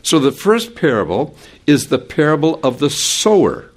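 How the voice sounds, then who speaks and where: An older American man teaching a Bible lesson in an animated, digressive way, chuckling now and then. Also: fairly high pitch, moderate pace.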